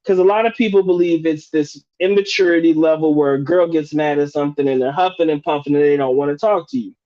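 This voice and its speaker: A man's voice: a little high, fast talker, lo-fi sound. A man hosting a live stream, chatting casually and profanely, restarting and rephrasing as he goes. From United States.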